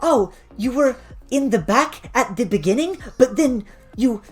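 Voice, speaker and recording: A woman voicing a giddy winged teenage girl in a tabletop role-play, chattering excitedly and a little breathless. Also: on the high side, measured pace, voice pushed up. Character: giddy winged teen girl superhero student.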